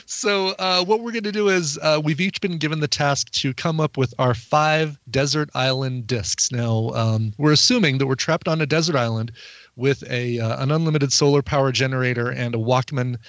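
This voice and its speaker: A man's voice: medium pitch, normal speed, a bit bright, no echo. Rambling, jokey male podcast host. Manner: rambling, self-interrupting, jokey. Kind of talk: casual podcast chat.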